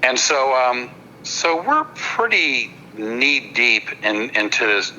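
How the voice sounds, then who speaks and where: Bright-voiced man telling a story. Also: medium pitch, expressive, slight background noise, rough recording. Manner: halting, repeats words while building a story; apologetic, checks in with listeners. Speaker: podcast guest, hypnotist comedian. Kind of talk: casual anecdote-telling on a podcast.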